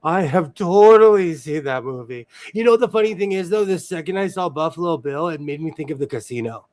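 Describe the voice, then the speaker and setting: A man's voice: fairly high pitch, expressive, fairly quick, darkish tone. A man from the US West Coast hosting a casual sewing chat, rambling and laughing often as he tells stories. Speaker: sewing stream host.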